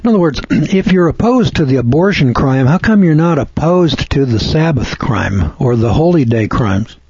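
A man giving conversational Bible commentary in a folksy, sardonic way, arguing back at a letter writer and often clearing his throat. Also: on the high side, lively intonation, normal speed, darkish tone, dry recording, muffled recording. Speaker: preacher.

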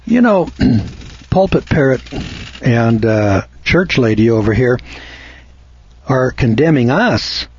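Slow, husky-voiced American man lecturing. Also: mid-range voice, expressive, dry recording, muffled recording. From United States. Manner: slow, deliberate, spells words out letter by letter; preachy, cites scripture references. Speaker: commentator. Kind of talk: opinionated monologue.

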